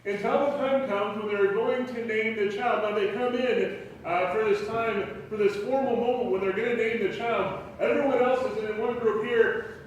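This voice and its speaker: Chatty pastor in echoey hall. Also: male voice, sits high, steady tone, normal speed, lo-fi sound, a little hiss or hum. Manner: rambling, chatty, many fillers and restarts. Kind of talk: conversational sermon. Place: church sanctuary. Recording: very echoey hall, voice far from mic.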